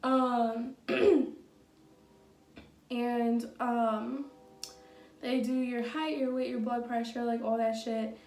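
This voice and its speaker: A young woman with a slightly high voice tells a casual story to camera, blunt, chatty and full of fillers and profanity. She sits back from the microphone. The room around her rings with echo. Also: fairly even intonation, very slow, long pauses, darkish tone, distant mic. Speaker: vlogger. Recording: echoey room, from off the mic.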